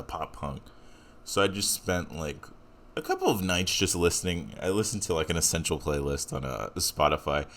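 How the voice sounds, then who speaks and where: Low-voiced rambling young podcast host. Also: male voice. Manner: rambling, self-deprecating, filler-heavy. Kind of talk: casual solo podcast intro.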